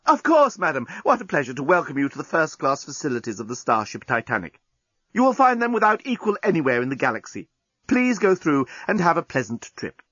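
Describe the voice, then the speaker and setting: Fussy strangled robot clerk, voiced by a male narrator, high and swooping, for a sci-fi audiobook. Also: sing-song, fairly quick, a bit bright, breathy edge, no room sound, muffled recording, exaggerated voice. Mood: servile. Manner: simulated strangled voice. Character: pompous prissy male desk robot.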